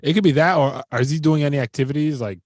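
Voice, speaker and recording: A middle-aged man co-hosting a podcast, explaining calmly and asking follow-up questions. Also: on the high side, fast, no room sound. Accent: Miami. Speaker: podcast co-host. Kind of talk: casual chat.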